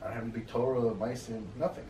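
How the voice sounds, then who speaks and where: A man teaching a class, telling stories in a casual, animated way and acting out the people in them. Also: medium pitch, very fast, a little hiss or hum. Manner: animated, acts out quoted voices in his stories. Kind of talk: casual storytelling lecture. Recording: echoey room, mic at a distance, faint ambience.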